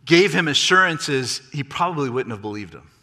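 A man preaching a sermon, animated, rising and falling in pitch and volume for emphasis. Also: normal speed, long reverb tail. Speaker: pastor.

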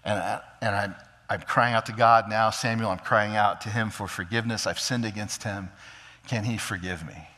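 A man voicing an anxious ancient king who makes excuses in rapid, stammering restarts. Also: fairly low pitch, fairly even intonation, pushed and bright, long reverb tail, voice pushed down. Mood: pleading, contrite.

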